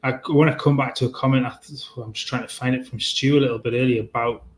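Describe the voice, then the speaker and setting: A man's voice: mid-range voice, fairly even intonation, fast talker. A man co-hosting a casual football podcast, hesitant, often restarting his sentences as he builds his point. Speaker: podcast co-host.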